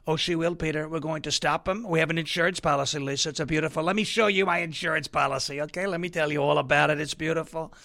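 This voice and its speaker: A man doing a mocking impression of a lovesick man and woman, crooning in a breathy mock-romantic way. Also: on the high side, steady tone, fast talker, hardly any pauses, pushed and bright, pitched below the performer's own voice. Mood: mocking, swooning. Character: two swooning lovesick agents, man and woman, mocked.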